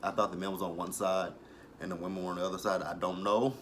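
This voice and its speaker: A young adult man giving a casual, profane recap of a TV episode. He tells it as an animated story and breaks into laughter often. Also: low-pitched, fast talker, slight background noise. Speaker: TV episode reviewer.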